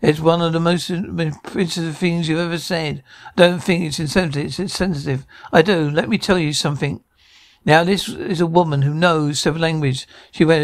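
A man's voice: fairly high pitch, fairly even intonation, moderate pace. A man acting out every part of a sitcom scene alone, in a bickering, flustered comic delivery full of stammers and restarts.

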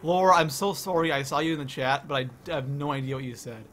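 A young man from Canada hosting a live game stream, excitedly reading the chat out loud. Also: a little high, fast, a little hiss or hum.

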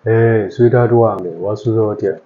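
A man's voice: on the low side, fairly even intonation, a little slow, narrow, tinny audio, crowd noise. A man with a Ugandan English accent acting in a comedy skit, flustered and repeating himself as he dodges the question. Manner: flustered, repetitive, evasive.

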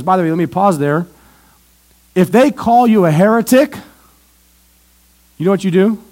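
A man preaching an evangelistic sermon in a church, asking questions and answering them, swinging from loud emphasis to hushed asides. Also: high voice.

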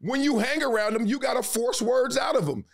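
A man speaking as a guest in a casual interview, animated and emphatic, with a slangy way of talking. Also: extremely high pitch, brisk, creaky. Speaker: podcast guest, sports commentator.

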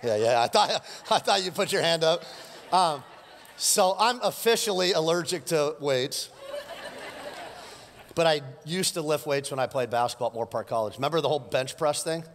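A middle-aged male pastor preaching live, his slightly high voice ringing through a hall with a long reverb. He is animated and teases the congregation as he goes. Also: normal speed, a little hiss or hum. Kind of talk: sermon. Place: church sanctuary.

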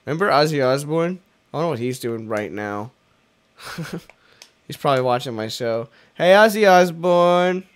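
A man's voice: mid-range voice, clear, resonant tone. A young man hosting a let's play, rambling jokily and self-deprecatingly as he plays. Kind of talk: casual gameplay commentary.

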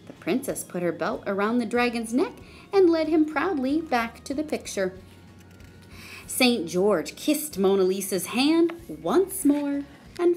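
A woman reading a children's story aloud in a slow, expressive way. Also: fairly high pitch. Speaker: storybook reader.

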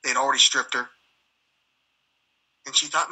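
A man's voice: fairly high pitch, brisk, pauses often, bright, forceful tone, husky, poor audio. A man, a military veteran, telling rambling stories as a guest in conversation, swearing and acting out the dialogue as he goes. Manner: profane, heated, acts out dialogue.

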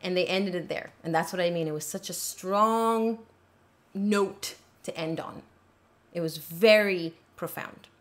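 A woman hosting a casual commentary recap of a court trial, talking in an animated way and acting out the quotes she retells. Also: on the low side, a little slow. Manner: animated, acts out quoted lines.

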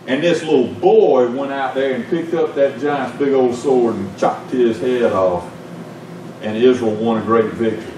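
An older man with a Southern US accent preaching a sermon, telling stories in a folksy way with big swings in pitch. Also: background noise. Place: church sanctuary. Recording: echoey church from far off.

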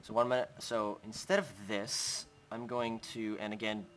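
A man's voice: lowish voice, flat delivery, normal speed, a bit bright. A young man hosting a Minecraft let's play, chatting casually as he builds and talking to his in-game pet. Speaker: gaming channel host.

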